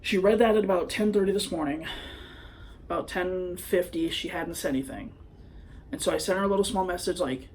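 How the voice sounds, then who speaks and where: A man's voice: high voice, brisk, darkish tone, slight background noise. A young man vlogging into his phone, telling a personal story in a hesitant, rambling way full of fillers. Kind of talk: confessional personal vlog.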